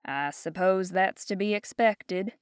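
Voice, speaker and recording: A woman's voice: medium pitch, unhurried, smooth, no echo, clean studio sound, natural voice. A woman voicing a haughty, ageless witch with a thick Southern accent and a cold, condescending drawl. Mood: frosty.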